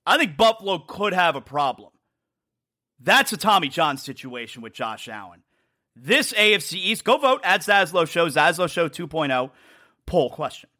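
Animated, high-voiced sports talk host. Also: male voice. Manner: animated, emphatic, repeats himself for effect. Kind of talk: solo sports talk monologue.

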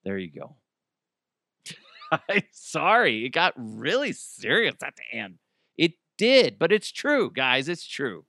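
A man's voice: medium pitch, wildly swooping pitch, slow, vocal fry, pushed and bright, no echo, clean studio sound. A man hosting a podcast, giving a casual, joking pep talk peppered with swearing. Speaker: podcast host.

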